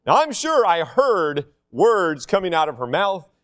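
A man's voice: sits high, big pitch swings, a little slow, a bit bright. A middle-aged man preaching a sermon in a conversational, self-deprecating way with humor.

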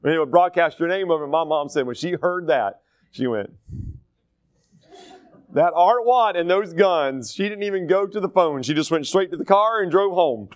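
A pastor from North Carolina teaches scripture and drifts into folksy stories. His voice sits a bit high for a man. The recording is dry, with no room sound. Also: brisk, dry recording. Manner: conversational, digressive storytelling. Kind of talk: sermon, Bible study teaching.

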